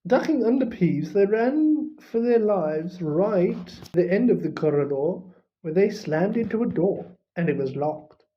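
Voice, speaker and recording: A reader narrating a storybook in an unhurried, expressive way. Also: mid-range voice, slight background noise. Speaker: audiobook reader. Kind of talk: storybook reading. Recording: dull lo-fi recording.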